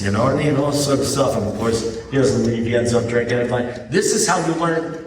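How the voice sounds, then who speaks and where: A man's voice: mid-range voice, a little fast, hardly any pauses, far from the mic, slight background noise. Man telling stories in an echoey hall. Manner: conversational, keeps asking "you know what I mean?". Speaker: speaker at a recovery meeting. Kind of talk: storytelling talk to an audience. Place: large meeting hall with an audience. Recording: echoey hall, mic heard from afar.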